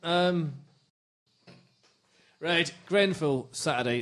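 A man's voice: fairly high pitch, expressive, brisk, a bit bright. A man in his forties hosting a football podcast, bantering and speaking with passion. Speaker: podcast host. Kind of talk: casual chat, impassioned speech.

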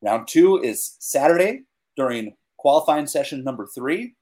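A young man co-hosting a casual podcast, talking with excitement and leaning on fillers like "like" and "dude". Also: mid-range voice, normal speed. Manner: enthusiastic, filler-heavy, says like and dude a lot. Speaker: podcast co-host. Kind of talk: casual chat.

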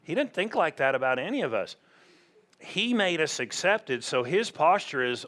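A middle-aged man preaching, his voice sitting a bit high for a man. He keeps it animated and talky and acts out quick voices to make his points. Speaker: pastor. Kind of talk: sermon.

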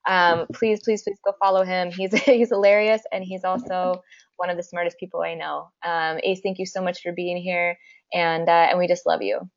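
A woman's voice: fairly low pitch, level tone, moderate pace, dull audio. Enthusiastic woman hosting a podcast. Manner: enthusiastic, encouraging. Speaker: podcast host. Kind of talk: casual interview chat.

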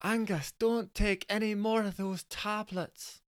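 A fierce, worried Scottish wife, as a male storyteller puts her on, nagging in a high, shrill voice that cracks upward. The delivery is dry and close, with no room around it, and she scolds like a storybook character at the end of her rope. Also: fairly even intonation, a little slow, no room sound, natural voice. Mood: scolding.

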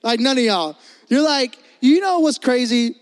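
A young Puerto Rican man preaching as pastor, loud and joking with the congregation. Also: extremely high pitch, expressive. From Puerto Rico. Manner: loud, joking, talks fast to the crowd. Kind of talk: energetic youth sermon.

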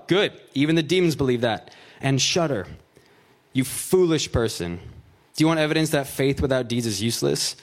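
Casual, joking preacher man. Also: mid-range voice. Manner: casual, joking asides, fillers of "like" and "right?". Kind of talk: conversational sermon with scripture reading.

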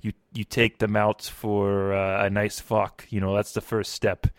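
A man improvising as a historical figure's assistant on a comedy podcast, telling a rambling, halting story full of fillers. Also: lowish voice, level tone, smooth, no echo. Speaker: improv guest playing Beethoven's assistant.

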